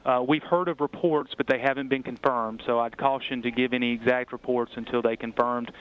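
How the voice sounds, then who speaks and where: Man, city mayor, calm careful update, flat and smooth. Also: medium pitch, low-quality recording. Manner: measured, cautious official briefing. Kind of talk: phone-in report during live news.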